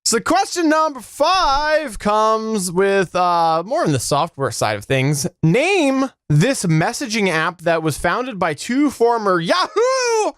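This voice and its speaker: A man hosts a casual podcast trivia game, his voice smooth and resonant, with a lively, bouncing pitch. He jokes and laughs easily as he reads out questions. The sound is dry and close. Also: slow, few pauses, dry recording. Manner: playful, laughs often, sings out sound effects. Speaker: podcast co-host running a trivia quiz.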